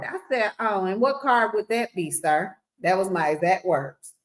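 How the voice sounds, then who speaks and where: Animated, sassy woman telling a story. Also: mid-range voice, unhurried, rough recording. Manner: animated, acts out both sides of conversations; sassy, blunt. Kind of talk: casual storytelling chat.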